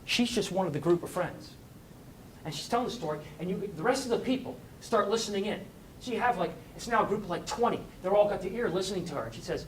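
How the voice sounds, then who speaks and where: A man telling a story as a motivational speaker, animated and rising to high bursts of excitement. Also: fast, roomy sound, recorded from a distance, slight background noise. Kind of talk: storytelling talk.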